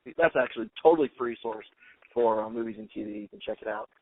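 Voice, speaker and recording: A man co-hosting a podcast in a casual chat, excitedly quoting lines and gushing over what he loves. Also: mid-range voice, vocal fry. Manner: excited, quick to quote lines. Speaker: podcast co-host. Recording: tinny phone-like sound, dry.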